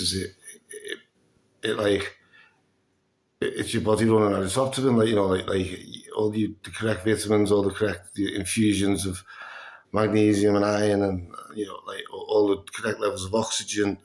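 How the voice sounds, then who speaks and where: A lowish, darkish male voice rings out in a reverberant space as he narrates a story in a laid-back vlog. He swears heavily, plays out quoted dialogue, and comes across breathless and fatigued.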